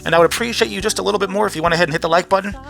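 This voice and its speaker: Tired, sarcastic male vlogger, bright and somewhat high, swears a lot. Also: steady tone, rapid-fire, gravelly, soft background music. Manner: blunt, sarcastic, swears freely. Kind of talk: casual profane rant.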